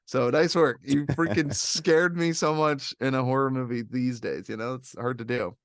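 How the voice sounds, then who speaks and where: Male podcast host, rambling and excitable, dry close sound. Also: on the high side, brisk, few pauses, no echo. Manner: animated and rambling, with many fillers. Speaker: podcast host reviewing films. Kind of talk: casual chat.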